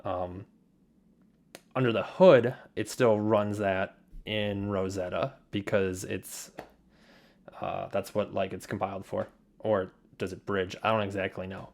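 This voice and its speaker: Man, young adult, slightly low voice, casual rambling screencast walkthrough, filler-heavy. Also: steady tone, unhurried, vocal fry, a little mellow. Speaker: software developer demonstrating his setup.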